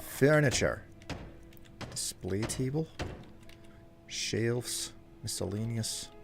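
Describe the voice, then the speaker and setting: A male streamer talks at a middling pitch as he plays live, chatty and jokey. He reacts out loud to the game and talks back to his chat, with faint game music underneath. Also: animated, extremely slow, gravelly. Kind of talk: live gameplay commentary.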